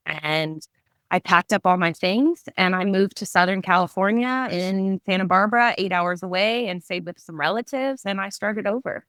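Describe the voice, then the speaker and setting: A woman's voice: medium pitch, normal speed, fairly bright tone, clear, resonant tone, no echo, clean studio sound. A woman in her thirties, a podcast guest, telling a personal story candidly and vividly, with lots of "like" fillers. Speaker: guest, psychic medium and artist.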